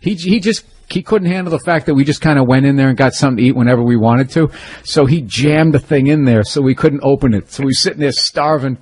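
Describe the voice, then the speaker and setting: A man, a comedian telling animated, profane stories in a casual interview. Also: mid-range voice, quick pace, breathy edge. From suburbs of Boston. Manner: storytelling, animated, profane, self-deprecating. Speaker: comedian guest.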